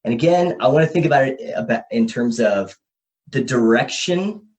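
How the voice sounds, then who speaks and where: A man hosting a podcast, thinking out loud as he explains ideas at a whiteboard and often checks in with "okay?" and "right?". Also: mid-range voice, lively intonation, normal speed. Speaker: podcast host. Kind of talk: casual explanatory podcast talk. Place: room with a whiteboard.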